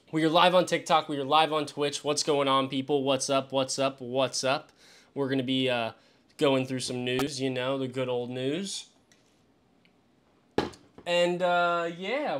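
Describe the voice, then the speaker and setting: A young man chatting casually on a live stream, slangy and rambling, with sudden excitable bursts. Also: a little high. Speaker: fantasy football streamer. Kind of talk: casual livestream chat.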